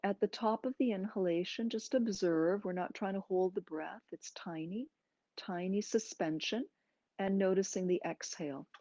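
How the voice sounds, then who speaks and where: A woman yoga teacher guiding a breathing class in slow, gentle, soothing instructions with pauses. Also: medium pitch, dry recording. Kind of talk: guided breathing and movement class.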